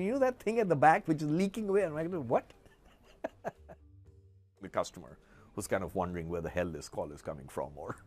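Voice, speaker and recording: An older Indian man with an Indian English accent, recalling his business past in an interview with lively, chuckling storytelling. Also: medium pitch. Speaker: entrepreneur. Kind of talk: documentary interview recollection.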